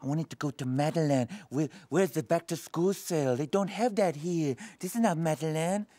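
An actor playing a naive, childlike male pop star in a comedy sketch, talking in a soft, simple-minded, whiny way. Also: on the high side, normal speed, lightly acted. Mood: sulky.

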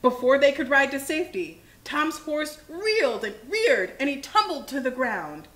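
A woman hosting a children's livestream, reading a picture book aloud with animated expression. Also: high-pitched, normal speed. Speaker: children's show host. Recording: echoey room.

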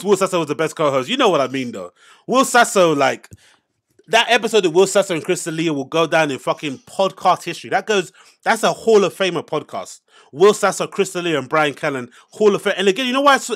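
A man's voice: a little high, a bit bright. A man hosting a casual commentary, reacting to podcast clips in an exasperated, sarcastic rant.

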